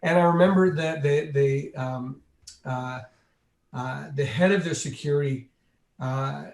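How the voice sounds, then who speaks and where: A man with a slightly high voice tells a long anecdote with animated energy. He slips into the voices of the people in his story as he goes. His voice rings with a roomy echo. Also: measured pace, gravelly. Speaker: interview guest.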